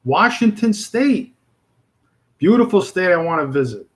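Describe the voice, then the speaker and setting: A man's voice: high-pitched, sing-song, a little slow, rough recording. A man with a Brooklyn accent chatting casually and rambling with viewers on a livestream, full of fillers and restarts. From New York. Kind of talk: casual live chat.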